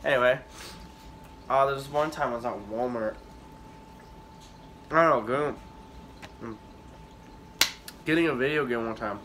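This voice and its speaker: A young man rambles through a story for his vlog, swearing freely and losing his thread. His voice is bright and forward, with a faint hiss of noise underneath. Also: mid-range voice. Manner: rambling, profane, halting with many fillers. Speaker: vlogger.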